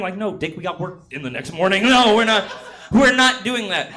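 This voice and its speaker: Young male comic from San Jose, high bright voice, crude and rambling, self-deprecating club stand-up. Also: expressive, normal speed. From San Jose, California. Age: 20s. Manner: crude, rambling, self-mocking with frequent swearing. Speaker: stand-up comedian. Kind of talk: stand-up comedy set. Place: comedy club stage.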